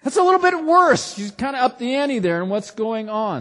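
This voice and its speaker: Male pastor, high-pitched, easygoing sermon style, keeps asking the congregation questions. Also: very animated, normal speed, a bit bright. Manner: conversational preaching with rhetorical questions; dramatic voices for quoted scripture and stories.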